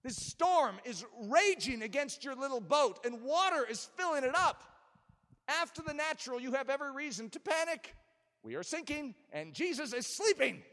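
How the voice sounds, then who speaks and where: A man preaching a sermon, emphatic and animated, with touches of self-deprecating humor. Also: very high voice, normal speed. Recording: long reverb of a large hall.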